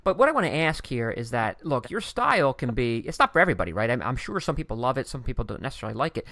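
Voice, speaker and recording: A man's voice: mid-range voice, big pitch swings, fast talker, fairly bright tone, dry recording. A man hosting a podcast interview, effusive, asking long run-on questions. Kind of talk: casual interview chat.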